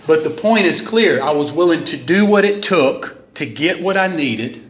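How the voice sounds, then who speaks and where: A man's voice: fairly high pitch, animated, moderate pace, fairly bright tone. Rambling, joking man in a roomy hall. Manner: rambling, joking, self-deprecating. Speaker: speaker at a recovery meeting. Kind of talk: casual storytelling talk. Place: meeting room of a club. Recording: roomy hall sound with faint noise.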